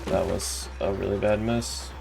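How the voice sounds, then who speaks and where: A man's voice: deep voice, fairly even intonation, unhurried, gravelly, heavy background noise. Young man's reactive gaming commentary. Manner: reactive, incredulous, frustrated outbursts. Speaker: gaming streamer. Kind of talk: live gameplay commentary.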